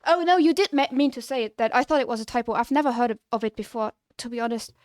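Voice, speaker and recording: A woman's voice: on the high side, quick pace, a little mellow, dry recording, clean studio sound. A young adult woman with a German-sounding non-native English accent, chatting casually with her stream viewers in a rambling way that is full of restarts. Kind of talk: casual live-stream chat.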